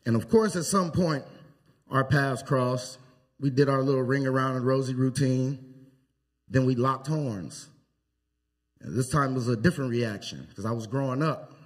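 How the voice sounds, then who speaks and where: Man delivering a church eulogy, husky voice, anecdotal and unhurried. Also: medium pitch. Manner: anecdotal storytelling with pauses. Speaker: eulogy speaker. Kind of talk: funeral eulogy. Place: church sanctuary.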